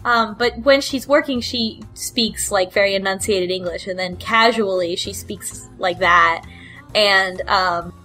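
A woman's voice: mid-range voice, measured pace, pushed and bright, soft background music. A woman chatting casually as a book club panelist, hesitant and giggly, full of fillers. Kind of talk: casual podcast chat.

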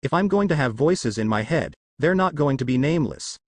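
A man's voice: medium pitch, lively intonation, fairly quick, slightly rough, no echo. A man voicing a brash, cheerful young male ninja who talks in a boisterous, bragging way. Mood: boastful.

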